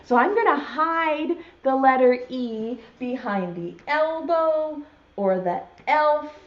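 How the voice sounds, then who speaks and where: A woman's voice: sits high, animated, dull audio. Cheerful woman teaching preschoolers. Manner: cheerful, sounds out letters slowly for small children. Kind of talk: virtual preschool circle time.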